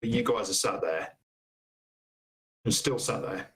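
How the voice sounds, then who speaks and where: A man runs a tabletop role-playing game as game master, describing what the players hear and see. He speaks matter-of-factly in a somewhat low voice. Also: measured pace, low-quality recording.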